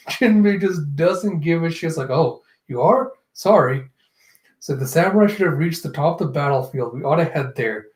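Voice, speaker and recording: A man's voice: a little high, moderate pace, a little mellow, roomy sound. A man casually reading through a comic chapter, acting out the characters' lines in a raised voice and laughing often. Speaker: manga reaction host. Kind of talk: casual manga reading and reaction.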